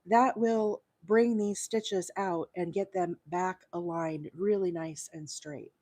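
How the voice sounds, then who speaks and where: A woman's voice: mid-range voice, darkish tone. Friendly woman teaching crochet live. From Alabama. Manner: friendly, greets viewers by name while counting stitches. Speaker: crochet livestream host.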